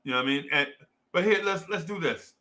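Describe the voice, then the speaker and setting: This young man from New Jersey talks fast and animated, his voice on the high side with a sharp tone. Hosting a casual sports show for fans, he's slangy, repetitive, and hyped, with a clear Jersey accent.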